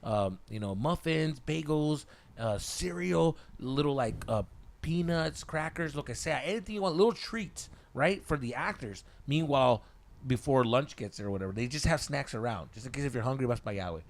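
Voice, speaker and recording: A man's voice: mid-range voice, moderate pace, vocal fry. A man telling a story on a podcast, swearing freely and dropping Spanish slang. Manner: profane, animated, slips into Spanish slang. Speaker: podcast host. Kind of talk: casual storytelling chat.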